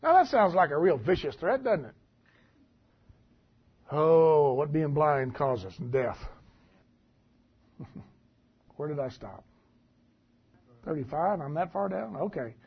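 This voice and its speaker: A man preaching a sermon, reading scripture aloud and commenting on it in a folksy, animated way. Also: a little high, slow pace, vocal fry, long pauses, slightly rough. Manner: folksy, animated, laughs at the text. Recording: dull lo-fi recording.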